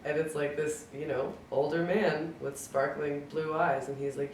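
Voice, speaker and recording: Casual storyteller, mid pitch, heard from across a roomy space. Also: level tone, moderate pace, recorded from a distance, a little hiss or hum. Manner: chatty, acts out quoted dialogue, many fillers of "like". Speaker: speaker sharing a memory at a gathering. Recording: roomy sound from away from the mic.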